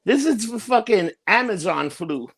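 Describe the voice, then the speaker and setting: A man's voice: high voice, expressive, normal speed, slightly rough. A man co-hosting a podcast, ranting in profane casual chat and laughing often. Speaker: podcast co-host.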